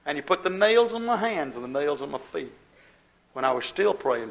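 A man's voice: a little high, very animated, moderate pace, vocal fry, fairly bright tone, poor audio. A man pastor preaching a fiery sermon, building emphasis and quoting scripture.

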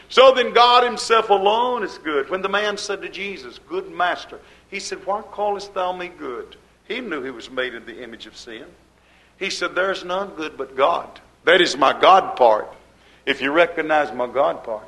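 A man preaching a sermon with a fervent, rhythmic cadence, swinging between soft asides and loud, emphatic lines. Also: fairly high pitch, animated, normal speed, low-quality recording.

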